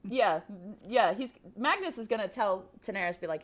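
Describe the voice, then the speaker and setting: A woman playing a tabletop role-playing game, soft-spoken and hesitant, slipping between her character and table chat with giggles. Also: medium pitch, lively intonation, normal speed, few pauses.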